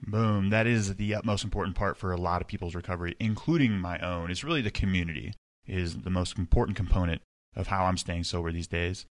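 Male podcast host, low voice, dry close-mic sound, brief supportive reactions. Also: no room sound. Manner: brief supportive reactions, quick when reading questions. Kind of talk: casual interview.

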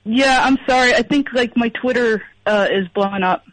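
A woman's voice: fairly high pitch, normal speed, dry recording, poor audio. A woman calling in to a radio show, hesitant and apologetic, with lots of ums. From Pennsylvania, US. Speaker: caller. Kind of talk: phone-in chat.

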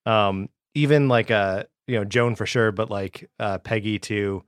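A man co-hosting a casual book discussion podcast, relaxed with many filler words. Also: lowish voice, unhurried, clear, resonant tone, dry recording, studio quality. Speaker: podcast co-host. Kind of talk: casual book club chat.

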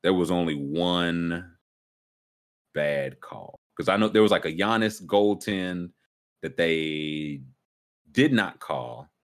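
A man hosting a casual sports talk show, ranting emphatically with sudden jumps up in pitch. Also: slow pace. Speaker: sports podcast host.

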